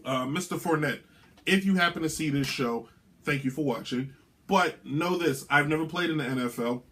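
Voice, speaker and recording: This sports commentary monologue comes from a man hosting his own show, his fairly high voice carrying a fairly bright tone at a moderate pace. His takes are brash and opinionated, delivered in a ranting, sing-song style with music running underneath.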